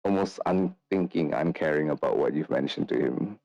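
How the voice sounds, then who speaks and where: A man with a very low voice narrates a tabletop game as game master. He talks loosely, filling his lines with ums and uhs. The sound is dry and close. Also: moderate pace, vocal fry, no echo, muffled recording. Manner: loose, relaxed narration with many fillers.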